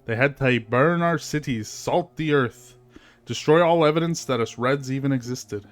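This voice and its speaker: A man's voice: mid-range voice, normal speed, dry recording, soft background music, close to an everyday voice. A man voicing a proud, grieving male red squirrel warrior in a put-on Scottish accent, speaking solemnly in old-fashioned words. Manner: solemn, old-fashioned speech with "nay" and "aye".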